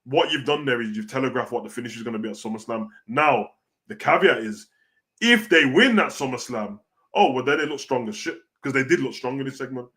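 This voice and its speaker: A man's voice: mid-range voice, fairly quick. British man, slangy wrestling reaction host. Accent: British (London street slang). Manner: animated, slangy, peppers every line with "bro". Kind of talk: casual reaction commentary.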